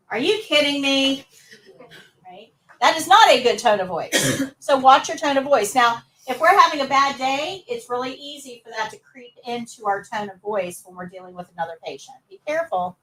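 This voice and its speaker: High-voiced lady teaching a live class, upbeat, sounds a bit far off. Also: lively intonation, brisk, hardly any pauses, a bit bright. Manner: upbeat, coaxing students to answer. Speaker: nursing assistant instructor.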